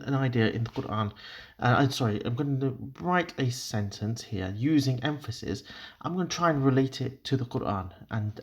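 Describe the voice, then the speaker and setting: A man with a fairly low-pitched voice teaches Arabic grammar, explaining each step as he writes, with many fillers, restarts and apologies.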